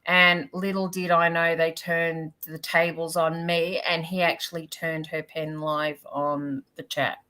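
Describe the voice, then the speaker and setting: A woman co-hosting a live chat with a bright, forceful voice that sits low for a woman. She talks briskly and rushes through her asides. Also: flat delivery. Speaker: co-host.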